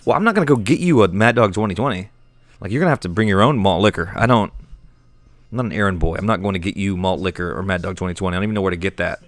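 A man's voice: low voice, racing, no echo. A man hosting an improvised comedy rant, talking in an exasperated, profane and irritable way.

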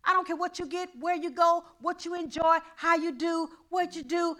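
A middle-aged woman pastor preaches in call-and-response style, her voice very high and bright. She swings from quiet asides to ringing shouts. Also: fairly even intonation, moderate pace, low-quality recording. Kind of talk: sermon.

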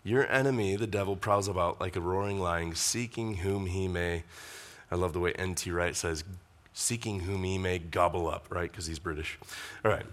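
A man's voice: low voice, steady tone, moderate pace, a bit bright. A man preaching a conversational sermon, with asides to the congregation. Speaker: pastor.

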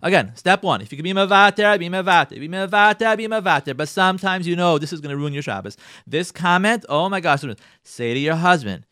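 A man's voice: high-pitched, expressive, fairly quick, sharp tone, clean tone, dry recording, clean studio sound. A man hosting a radio advice talk, speaking emphatically, repeating phrases and acting out quotes from husbands and wives. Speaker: radio host giving marriage advice. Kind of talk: Jewish community radio talk.

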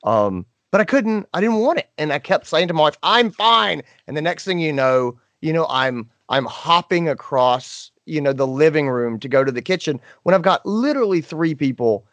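A middle-aged man, co-host of a podcast, telling a story in casual chat and acting out quotes in high voices. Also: expressive, normal speed, hardly any pauses, no room sound.

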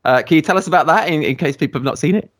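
A man's voice: fairly high pitch, rapid-fire, fairly bright tone. A man hosting a podcast, chatting casually and enthusiastically with his guest. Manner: enthusiastic, effusive. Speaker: podcast host. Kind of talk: casual interview chat.

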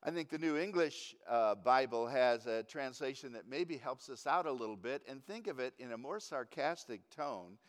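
A man preaching a teaching sermon in a wry, unhurried way, chuckling at his own points. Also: medium pitch, animated. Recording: long hall reverb.

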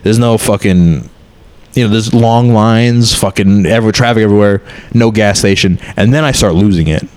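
A man's voice: on the low side, moderate pace, darkish tone, smooth. A man in his thirties, a comedian, talking candidly and rambling in a casual chat, swearing often.

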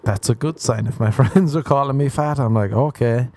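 A man's voice: mid-range voice, fairly quick, darkish tone, a little hiss or hum. Crude rambling podcast man. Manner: crude, rambling, self-mocking, laughs at own jokes. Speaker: podcast host. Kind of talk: solo comedic podcast rant.

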